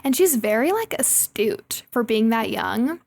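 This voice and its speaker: Young woman co-host, slightly high, gravelly, casual and chatty. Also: very animated, measured pace, darkish tone. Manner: chatty, laughs often, acts out quoted lines. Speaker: podcast co-host. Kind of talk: casual movie recap chat.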